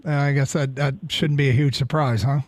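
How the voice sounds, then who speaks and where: A man hosting a sports talk radio show in a studio, taking calls and making his points deliberately, repeating phrases for emphasis. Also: medium pitch, steady tone, darkish tone, no echo.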